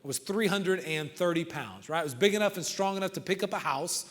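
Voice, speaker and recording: A man giving a motivational talk to coaches, telling stories and swinging from loud outbursts to hushed lines. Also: sits high, animated, a little fast. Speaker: motivational speaker. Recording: reverberant hall.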